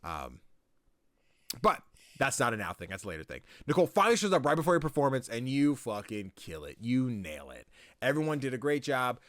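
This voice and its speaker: Male podcast co-host, casual recap, mid-pitched, rambling with fillers, swears, dry close sound. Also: very animated, fairly quick, a bit bright, no room sound. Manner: rambling, swears freely, lots of likes and ums. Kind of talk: casual game recap chat.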